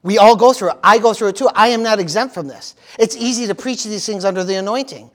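Pastor guy preaching in church, really high voice, acts out freaking-out people, lively. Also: fast talker. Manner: animated preaching with dramatized panicked voices. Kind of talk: sermon.

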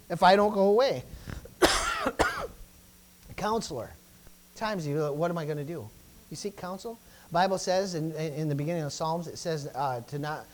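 A man's voice: high voice, a little mellow, poor audio. A middle-aged man preaching a sermon as pastor, stumbling into restarts, calling out Amen, and building to emphatic peaks.

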